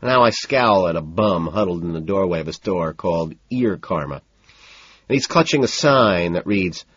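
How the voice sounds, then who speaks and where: Man, husky, fairly low voice, detached scripted narration, dry slightly dull recording. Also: moderate pace, no room sound. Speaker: audiobook narrator. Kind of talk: scripted first-person narration.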